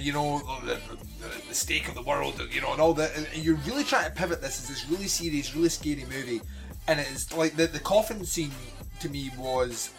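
A man's voice: on the high side, a bit bright. A man co-hosting a podcast, chatting casually and animatedly about a film, swearing and laughing often. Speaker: podcast co-host. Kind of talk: casual movie review chat.

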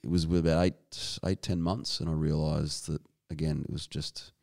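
An Australian man as a guest in a casual interview, talking in halting bursts full of restarts and casual swearing. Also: extremely low pitch, flat delivery, gravelly, a little mellow. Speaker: guest, strength and conditioning coach.

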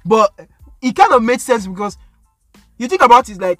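A man's voice: extremely high pitch, moderate pace, dry recording, clean studio sound, faint music behind. A man with a Nigerian accent, co-hosting a podcast in casual, slangy chat that slips into pidgin. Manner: animated, slangy, mixes in pidgin. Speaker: podcast co-host.

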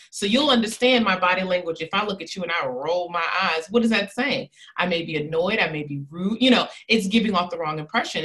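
A woman who coaches women in body language and communication, talking in a casual interview with emphatic, animated delivery and frequent laughter. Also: mid-range voice.

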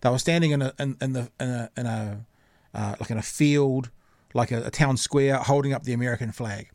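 A man hosting a casual podcast lays out his views in an earnest, opinionated way, thinking aloud as he goes. His voice is of middling pitch and sounds dry and close, with no room echo. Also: brisk, darkish tone. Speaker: podcast host.

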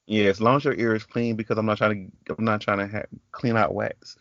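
A man's voice: on the low side, steady tone, fairly quick, fairly bright tone, dry recording, muffled recording. A man with a Southern US country accent hosting a podcast, telling a story in casual chat. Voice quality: chatty, storytelling with quoted voices. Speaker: podcast host.

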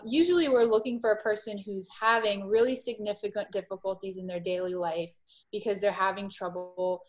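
A woman in her forties from Miami, a guest psychologist explaining her field in a measured, clear conversational way. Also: mid-range voice. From Miami, Florida.

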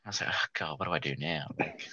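A man's voice: a bass voice, fast talker, bright, forceful tone, no echo. A young Australian man casually telling a rambling story as a podcast co-host, slipping into mimicked voices. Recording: dull lo-fi sound.

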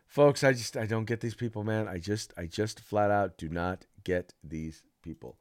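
A man's voice: fairly low pitch, steady tone, measured pace, no echo, studio quality. A man co-hosting a casual political talk podcast, who laughs often and repeats himself. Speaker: podcast co-host.

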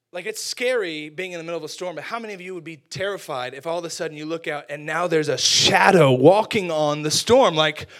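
A man preaching a lively, casual sermon, acting out characters and using slang. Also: fairly high pitch.

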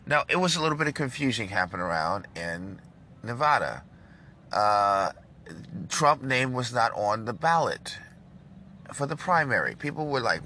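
A man talks casually to his followers, telling a story with a pitch that swings up and down a lot. Loud traffic roars behind him outdoors. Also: moderate pace. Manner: storytelling, acts out quoted voices, animated. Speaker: vlogger. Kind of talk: casual chat to camera.

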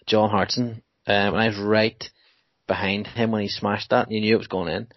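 A young man telling football stories in a casual podcast chat, animated and laughing often. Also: fairly low pitch, moderate pace, no echo. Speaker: podcast co-host. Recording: dull dry podcast mic.

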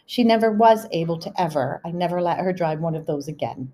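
A woman's voice: on the low side, lively intonation, brisk, dark tone. A middle-aged woman hosting a podcast, telling family stories in a chatty, casual way with laughing asides. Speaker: podcast host. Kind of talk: casual storytelling.

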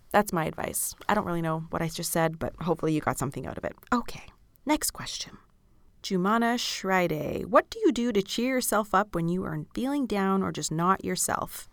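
Woman, 30s, tired podcast host; candid, sweary, laughs a lot; lowish voice, dry padded-studio sound. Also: fairly bright tone, clean tone, no room sound. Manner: frank and chatty, swears freely, laughs often. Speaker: podcast host answering listener questions. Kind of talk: candid casual chat. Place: small padded studio room.

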